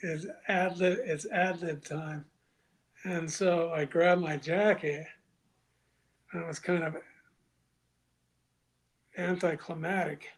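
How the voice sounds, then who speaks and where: A man guest on a podcast, telling a story casually and acting out other people's lines in a louder voice, with some profanity. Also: fairly high pitch, takes it slowly, long pauses. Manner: animated, acts out quoted dialogue with raised voice; crude, profane.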